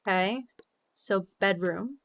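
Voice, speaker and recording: A woman's voice: slow, fairly bright tone. Bubbly young woman streamer, swears freely. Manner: bubbly, swears freely, laughs often, big jumps in pitch. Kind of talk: casual livestream chat while gaming.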